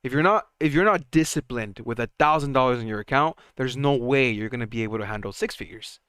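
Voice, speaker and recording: A young man hosts a live stock market stream in a casual, excitable way, chatting to viewers and laughing between points. His voice is smooth and clear at a middle pitch. The sound is close and dry, with almost no room. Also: fast talker, no echo. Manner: excitable, chatty, laughs often, trails off and restarts. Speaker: stock market livestream host.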